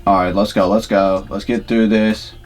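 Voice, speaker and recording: A man's voice: on the low side, level tone, normal speed. A man doing casual live-shopping commentary as a vlogger, talking to his viewers with exasperated, disbelieving exclamations. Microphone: camera-mounted shotgun mic. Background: background music.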